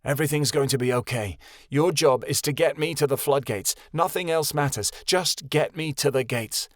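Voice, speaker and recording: A man voicing a calm, determined young male hero, reassuring and firm. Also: fairly high pitch, moderate pace, no room sound, studio quality, pitched above the performer's own voice, natural voice. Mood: resolute.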